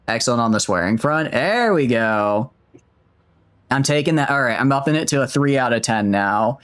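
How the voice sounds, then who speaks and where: A man's voice: medium pitch, fast, a bit bright, clean tone. A man streaming a video game, chatting casually and rambling in a self-mocking way with many restarts. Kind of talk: casual let's-play commentary.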